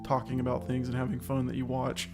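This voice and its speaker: Man, casual co-host, gravelly voice, flat delivery, rambling, slightly out of breath. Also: mid-range voice, brisk, music in the background. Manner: rambling, self-aware, upbeat. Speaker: podcast co-host. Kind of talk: casual chat.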